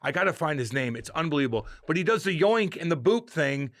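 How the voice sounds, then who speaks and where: A man's voice: on the high side, big pitch swings, quick pace, no echo, clean studio sound. A man co-hosting a podcast, joking bluntly and swearing freely in casual banter. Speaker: podcast co-host. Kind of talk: casual chat.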